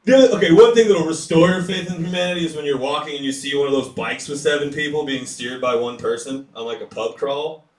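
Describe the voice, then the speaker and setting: A man's voice: a little high, quick pace. Man doing stand-up, echoey and distant. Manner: rambling, profane storytelling with crowd work. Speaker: stand-up comedian. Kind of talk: stand-up set. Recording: echoey room picked up from afar with loud crowd.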